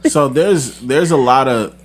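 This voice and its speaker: A man's voice: mid-range voice, a little slow. A man hosting a podcast, talking casually and confidently, telling stories with animation. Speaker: podcast host. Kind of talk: casual chat.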